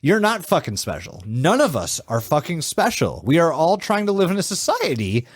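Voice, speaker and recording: A man's voice: fairly high pitch, huge pitch swings, moderate pace, husky, no echo, studio quality. A young man co-hosting a podcast, telling a story in casual, profane chat and acting out what people said. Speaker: podcast co-host.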